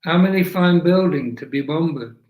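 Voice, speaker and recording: A man's voice: fairly high pitch, normal speed, narrow, tinny audio, lightly acted. A man voicing a weary, dry-humored woman activist who speaks in broken English with an Italian accent. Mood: grave. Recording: echoey room.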